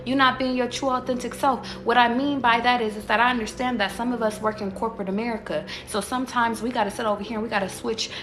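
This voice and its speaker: A woman's voice: fairly high pitch, fairly even intonation, fast talker, hardly any pauses, reverberant. A woman who reads tarot, giving a casual livestream pep talk to her viewers. She talks profanely and emphatically and keeps asking rhetorical questions. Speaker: tarot reader.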